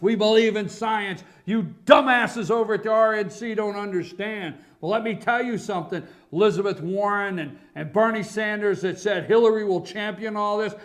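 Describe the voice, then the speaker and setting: A man hosting a morning talk show, ranting sarcastically and loudly about politics. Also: high voice. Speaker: radio talk show host. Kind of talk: political commentary monologue.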